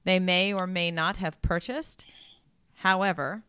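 A woman's voice: on the low side, steady tone, unhurried, a bit bright, smooth, no echo, studio quality. A woman from an auction company, walking listeners through a busy sale day in a podcast interview. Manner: storytelling, sets scenes for the listener.

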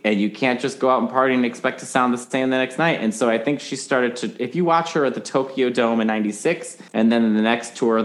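Animated man explaining singing technique. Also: medium pitch. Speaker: podcast guest. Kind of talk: casual chat.

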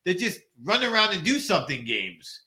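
A man in his forties chatting casually, often pausing and restarting with ums. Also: sits high, huge pitch swings, bright, forceful tone. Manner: halting, trails off with ums. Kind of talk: casual chat.

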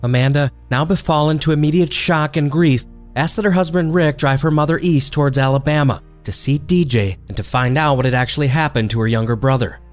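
A man delivers scripted true-crime narration, measured and dramatic in tone. His voice sits a little high for a man. Faint music plays underneath. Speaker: narrator and host.

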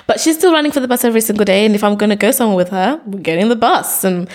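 A woman's voice: medium pitch, racing. A woman, a guest in a casual interview, talking animatedly. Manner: animated, acts out quotes in lively voices. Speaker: podcast guest.

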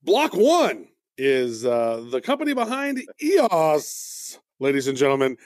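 A man's voice: a little high, wildly swooping pitch, slow, no echo, studio quality. A man hosting a podcast, chatting loosely through a news rundown with plenty of fillers. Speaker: podcast host.

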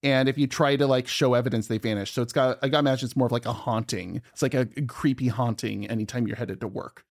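A man's voice: mid-range voice, fairly even intonation, fast talker, creaky, hardly any pauses, no echo, clean studio sound. A man co-hosting a podcast from his home office, chatting casually and rambling with jokes and fillers. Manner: rambling, joking, many fillers. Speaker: podcast co-host. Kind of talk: casual chat.

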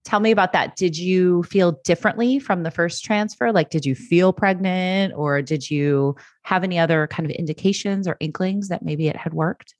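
A woman's voice: fairly low pitch, moderate pace, hardly any pauses, no echo. A woman hosting a podcast, speaking supportively and reflectively to her guest and her listeners. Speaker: podcast host. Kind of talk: casual chat.

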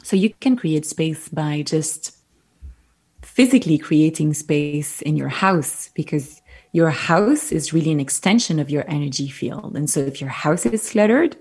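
A woman with a French accent, a guest on a podcast, telling stories animatedly and giving gentle, reflective advice. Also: deep voice, husky. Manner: animated storyteller, gentle and reflective when advising. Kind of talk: casual interview chat.

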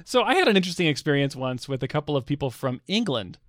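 A man's voice: a little high, very animated, fast talker, a bit bright, no room sound, clean studio sound. An American man co-hosting a podcast, chatting casually, laughing easily and hesitating with fillers. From United States. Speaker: podcast co-host.

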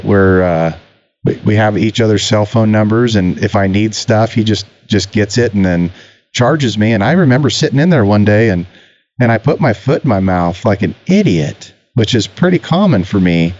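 A middle-aged man co-hosting a podcast, telling animated stories in casual chat and swearing freely. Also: fairly low pitch. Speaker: podcast co-host. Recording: slightly muffled audio.

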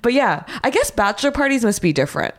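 A woman's voice: on the high side, big pitch swings, fast talker. A woman co-hosting a podcast, telling a story in casual chat, laughing often and acting out quotes. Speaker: podcast co-host.

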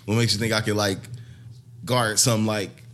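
Very deep-voiced laid-back man. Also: little pitch movement, normal speed, fairly bright tone. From Midwest of the US. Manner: laid-back, trailing off, laughing at himself. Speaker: guest. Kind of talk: casual chat.

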